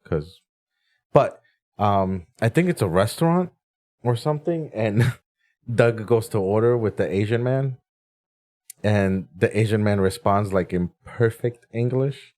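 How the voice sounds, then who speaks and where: A man's voice: lowish voice, measured pace. A man co-hosting a podcast, chatting casually and laughing as he tells stories. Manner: relaxed, laughs through his stories. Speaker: podcast co-host. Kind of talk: casual chat.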